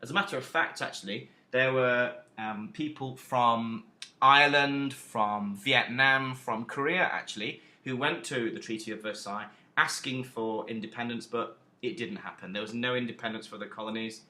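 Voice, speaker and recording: A man teaching a recorded history lesson, emphatic and lively, with self-deprecating asides. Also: medium pitch, moderate pace, echoey room.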